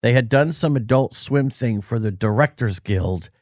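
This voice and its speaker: A man's voice: mid-range voice, lively intonation, moderate pace, darkish tone, dry recording, studio quality. A man co-hosting a podcast, telling a rambling story in casual chat and stopping to search for words. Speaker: podcast co-host. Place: Los Angeles.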